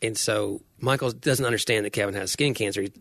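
A man's voice: fairly low pitch, brisk, gravelly, fairly bright tone, dry recording. Dry-sounding man telling rambling stories. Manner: rambling storyteller, acts out quotes. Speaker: podcast co-host. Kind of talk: casual chat.

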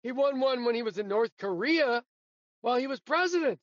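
Guest storyteller, male, high voice, dry dull lo-fi sound, chuckles through tales. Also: brisk, no echo. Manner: animated anecdotes, laughs often. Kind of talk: casual storytelling interview.

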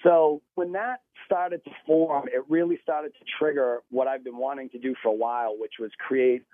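A man calling in as a guest on a radio show, telling stories in a chatty, animated way. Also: mid-range voice, normal speed. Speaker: guest musician. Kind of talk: phone interview. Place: radio phone-in. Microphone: phone line. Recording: tinny phone line.

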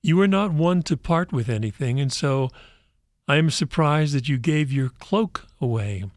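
A man reading aloud as an old, wise shepherd, quiet and reflective, speaking very slowly. The sound is dry and close. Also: fairly high pitch, expressive, no echo.

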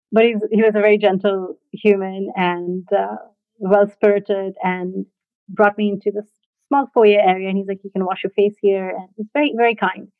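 A woman's voice: medium pitch, no room sound. Woman telling a story over a tinny line. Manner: reflective, halting, laughs softly between thoughts. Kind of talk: casual personal storytelling. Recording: dry, tinny phone-like sound.

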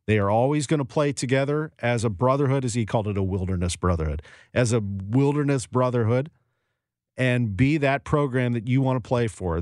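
A man's voice: medium pitch, no room sound, clean studio sound. A man hosting a sports talk radio show, giving emphatic, opinionated takes and repeating his points for effect.

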